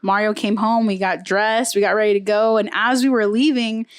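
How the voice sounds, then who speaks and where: A woman co-hosting a podcast in casual chat, telling a story in an animated way and acting out what people said. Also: medium pitch, moderate pace, smooth, no room sound. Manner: animated storyteller who acts out quotes. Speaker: podcast co-host.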